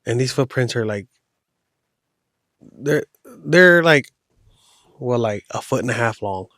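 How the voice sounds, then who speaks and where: A man's voice: medium pitch, lively intonation, takes it slowly, fairly bright tone, no echo, clean studio sound. Man rambling through a horror story. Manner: loose, rambling retelling with slang. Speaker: podcast host telling a horror story. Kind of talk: casual storytelling.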